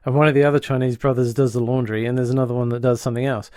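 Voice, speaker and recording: A man with a mid-range voice co-hosts a podcast, recapping a sitcom's plot in lively, casual talk and slipping into quick character voices. There's no echo on the recording.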